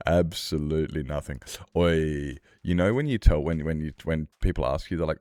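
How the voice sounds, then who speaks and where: A man's voice: extremely low pitch, a little fast, hardly any pauses, a little mellow, no room sound, clean studio sound. A man streaming a game, rambling in casual chat with his viewers, swearing freely and laughing often.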